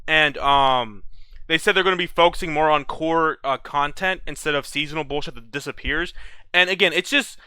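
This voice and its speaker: A man's voice: on the high side, normal speed, sharp tone, clean tone, no room sound. Profane, heated young man ranting. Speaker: gaming video creator. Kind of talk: casual ranting vlog.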